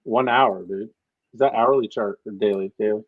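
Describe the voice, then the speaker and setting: A man's voice: lowish voice, moderate pace, no echo. A man co-hosting a casual livestream chat, talking in slang and swearing freely. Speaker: co-host. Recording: dull lo-fi dry sound.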